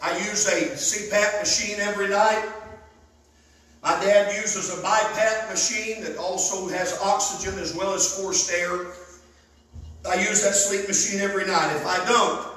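High-voiced, fervent preacher. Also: male voice, steady tone, unhurried. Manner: fervent storytelling preacher, bursts into loud emphasis. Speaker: pastor. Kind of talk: sermon. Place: church sanctuary. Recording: echoey church hall, mic at a distance.

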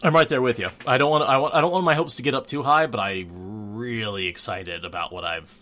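A podcast host with a medium-pitched voice chats casually, animated and quick to laugh, and he frequently starts his sentences over.

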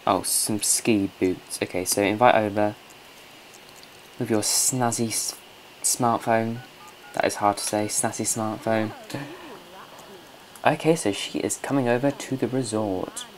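Man, let's play host, unhurried delivery, coaxing and scolding game characters, faint household noise behind. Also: on the low side, steady tone. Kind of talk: casual gameplay commentary. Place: at home.

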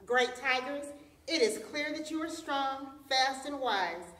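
A woman voicing Anansi, a clever male trickster spider who flatters and persuades. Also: high-pitched, takes it slowly, pitched above the performer's own voice, heavily acted. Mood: persuasive. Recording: roomy echo, distant mic.

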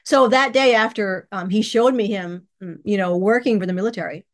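A woman's voice: medium pitch, brisk. A woman hosting her own channel, telling a personal story in a chatty, casual way, laughing often and acting out the dialogue. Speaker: channel host. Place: bedroom.

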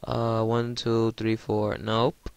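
A man hosting his gaming channel, giving excited gameplay commentary, giddy and stammering, addressing his viewers as guys. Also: fairly low pitch, slow, vocal fry, clear, resonant tone, no room sound.

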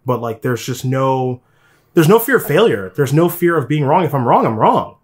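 A man's voice: medium pitch, very animated, moderate pace. A man hosting a podcast in casual chat, candid and a bit profane, rambling with restarts. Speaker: podcast host.

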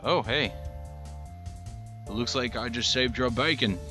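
A man's voice: mid-range voice, measured pace, bright, forceful tone, faint music behind. A man doing a shifting-accent ex-priest survivor. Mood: friendly. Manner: accent keeps changing.

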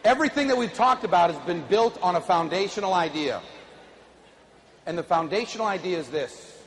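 A middle-aged man giving an animated keynote speech to a live audience, drawing call-and-response from the crowd. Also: high voice, a little fast. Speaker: motivational speaker. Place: large conference hall. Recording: echoey hall, faint ambience.

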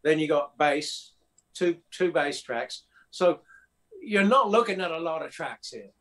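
A man with a slightly high voice recounts his studio days in a relaxed interview. He rambles with fillers and quick restarts as he talks. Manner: anecdotal, acts out quotes, many fillers and restarts. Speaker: record producer guest. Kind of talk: casual interview storytelling.

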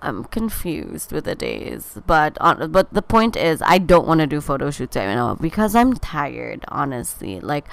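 Tired and chatting casually on her podcast from home, a young woman rambles candidly, scattering her speech with fillers and restarts. She has a low, sing-song, creaky voice at a measured pace, with hardly any pauses.

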